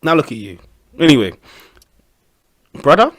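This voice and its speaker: Young man, fairly high-pitched, animated slangy podcast banter. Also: brisk. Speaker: podcast co-host. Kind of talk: casual chat.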